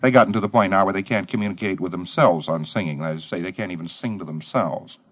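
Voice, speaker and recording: A man's voice: low voice, fast, a bit bright. A man giving a lecture to trainees, emphatic, firing off rhetorical questions and mimicking the people he talks about. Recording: dull lo-fi old tape.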